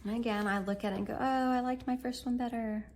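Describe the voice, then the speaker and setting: A woman's voice: a little high, fairly even intonation, fast, a little mellow, slight background noise. A woman in her thirties giving a chatty, encouraging step-by-step drawing lesson for kids, thinking aloud as she draws. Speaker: art teacher.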